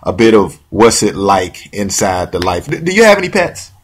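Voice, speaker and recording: A male talk show host with a husky, slightly raspy voice. He rambles in a loose, friendly way, restarting and repeating words, and laughs along with his guest. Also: on the low side, very animated, moderate pace. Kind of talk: casual interview chat.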